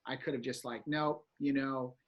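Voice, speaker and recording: A man telling a story in casual chat, animated and acting out reactions with exclamations. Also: a little high, moderate pace, muffled recording.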